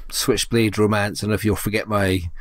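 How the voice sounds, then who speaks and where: A man co-hosting a podcast, chatting casually about films, incredulous and quick to laugh. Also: on the low side. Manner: animated, laughs often, incredulous. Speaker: podcast co-host. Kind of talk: casual film chat.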